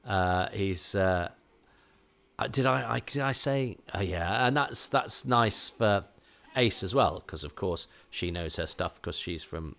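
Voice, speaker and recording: A middle-aged man speaks in a fairly low voice with a crisp English Received Pronunciation accent. He talks as a podcast host in loose, reflective commentary. His sentences wander, full of fillers and false starts. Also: lively intonation, slow pace, a bit bright. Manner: rambling, many fillers and restarts. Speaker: podcast host reviewing a TV episode.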